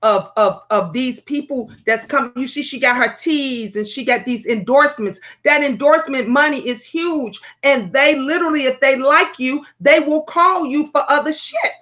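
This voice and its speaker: A woman hosting her own talk vlog, telling stories in a brash, profane, animated way. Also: sits high, moderate pace, few pauses, dull audio. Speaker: talk show host.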